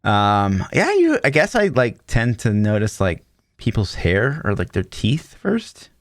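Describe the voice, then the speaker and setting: A man's voice: on the low side, huge pitch swings, measured pace, no echo, clean studio sound. A man co-hosting a podcast, reacting with teasing jokes in casual chat. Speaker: podcast co-host.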